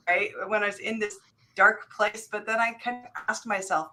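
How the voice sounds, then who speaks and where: Woman guest, bright and forward voice, earnest and chatty, fillers. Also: mid-range voice, normal speed. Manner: earnest, with frequent fillers and light laughs. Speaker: guest author. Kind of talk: casual interview talk.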